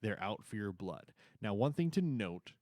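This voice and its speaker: Enthusiastic lower-voiced man chatting. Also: big pitch swings, moderate pace, a little mellow, no echo, studio quality. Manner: enthusiastic, rambling, stumbles over words. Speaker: co-host reviewing theme park events. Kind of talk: casual chat.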